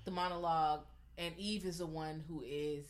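A woman's voice: sits low, steady tone, moderate pace. A woman co-hosting a casual movie review chat, blunt and emphatic, swearing freely. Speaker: podcast co-host.

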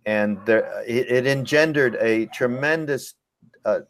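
A man hosting a webinar Q&A, speaking reflectively and unhurriedly, often pausing to search for words. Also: mid-range voice, no echo. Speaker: host. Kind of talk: webinar Q&A conversation.

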